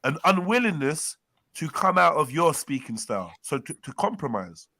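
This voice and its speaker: A man chatting on a casual online panel, animated and quick to slip into playful voices. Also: a little high.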